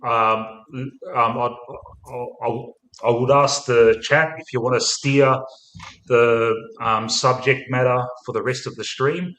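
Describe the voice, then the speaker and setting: A man's voice: mid-range voice, steady tone, slow, a bit bright. An Australian man hosting a casual live stream about football, rambling and laughing, calling people mate. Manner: rambling, laughs often, says mate a lot. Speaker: stream host. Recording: roomy echo.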